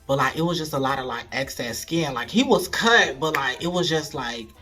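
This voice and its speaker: Bright-voiced man telling a frank story. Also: mid-range voice, normal speed, soft background music. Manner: animated, frank, talks straight to viewers. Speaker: storyteller vlogger. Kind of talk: casual storytime vlog. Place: at home.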